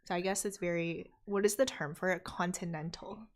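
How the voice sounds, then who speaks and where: A woman's voice: fairly low pitch, fairly even intonation, a little fast. A young woman with a North American accent, hosting a live study stream and chatting casually while she reads viewer comments, laughing often. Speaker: study stream host reading chat.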